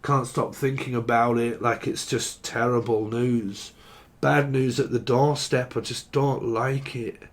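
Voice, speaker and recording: English man, mid-pitched, reads tarot casually with lots of swearing and rambling. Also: fairly even intonation, measured pace. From England. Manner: rambling, swearing, free-associating. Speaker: tarot reader.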